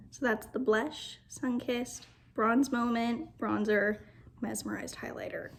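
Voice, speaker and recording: Young woman, beauty vlogger, slow unhurried pace, slightly high voice, gushing, drifts into whispers. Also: creaky, fairly bright tone. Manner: gushing, often drops to a whisper. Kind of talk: makeup first-impressions vlog. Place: home, at a mirror.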